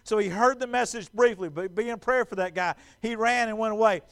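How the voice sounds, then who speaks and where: A man preaching a sermon in a church, animated and stumbling over repeated words as he acts out quotes. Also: sits high, a little fast. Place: church sanctuary.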